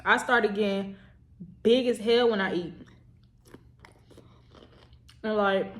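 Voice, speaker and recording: A woman's voice: medium pitch, steady tone, moderate pace. A young adult woman vlogging in a casual, rambling chat to the camera, repeating herself and talking straight to her viewers. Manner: rambling, chatty, repeats herself, says "y'all".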